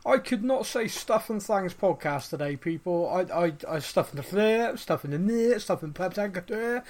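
A man's voice: high-pitched, expressive, moderate pace, a little mellow. A man hosting a casual podcast, joking around and stumbling over his words. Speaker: podcast host. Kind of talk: casual chat.

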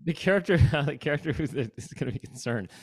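A man's voice: on the high side, lively intonation, fairly quick, breathy edge, no room sound. A man co-hosting a comedy podcast, rambling through casual chat and breaking into silly sneeze bits. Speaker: podcast co-host.

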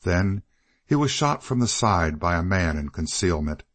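A man voicing a proud, guarded older woman for an audiobook, raising his voice slightly higher and softer. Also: big pitch swings, normal speed, dry recording. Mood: wistful.

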